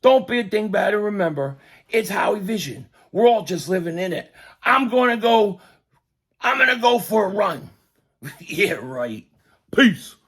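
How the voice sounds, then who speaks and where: A man hosting a fan sports show, ranting excitably and yelling at times, his voice going hoarse. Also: high voice, measured pace. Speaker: sports podcast host. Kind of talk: fan commentary live stream.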